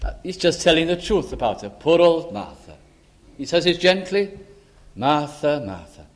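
A male preacher delivers a sermon at an unhurried, deliberate pace, his voice sitting a little higher than most men's. He stresses words with feeling and lets dramatic pauses hang.

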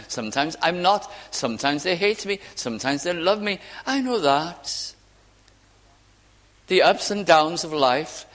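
Slow, emphatic man preaching in a hall. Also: on the high side, fairly bright tone. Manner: slow, emphatic, with dramatic drops to near silence. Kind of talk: sermon.

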